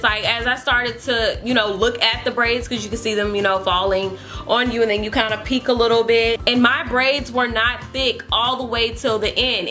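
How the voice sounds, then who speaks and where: Young woman vlogger, exasperated and chatty, with a sharp, slightly high voice. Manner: exasperated, chatty, full of fillers. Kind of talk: storytime vlog.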